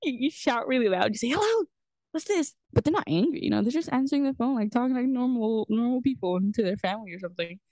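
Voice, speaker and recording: A woman's voice: on the high side, quick pace, hardly any pauses, warm tone, no echo. A woman co-hosting a podcast in easygoing casual chat, laughing often. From Macau. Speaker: podcast co-host.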